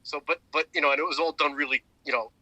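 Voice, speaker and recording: A man co-hosting a podcast, retelling a story in a rambling, animated way with many restarts and fillers. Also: a little high, fast, no echo, poor audio. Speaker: podcast co-host. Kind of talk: casual chat.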